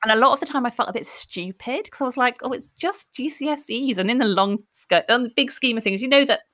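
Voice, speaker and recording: A woman's voice: on the high side, fast talker, sharp tone. A woman in her forties, talking reflectively and candidly in a podcast conversation.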